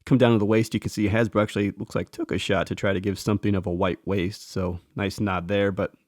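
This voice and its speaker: A man casually talking through a toy figure as a reviewer, relaxed and enthusiastic, thinking aloud as he points out details. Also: lowish voice, fast, dry recording, clean studio sound. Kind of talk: casual show-and-tell commentary.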